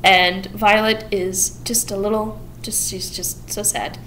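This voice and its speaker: A young woman vlogger retelling a plot in casual chat, with quick quoted asides and giggles. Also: mid-range voice, level tone, sharp tone, slight background noise, rough recording. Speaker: vlogger summarizing a musical.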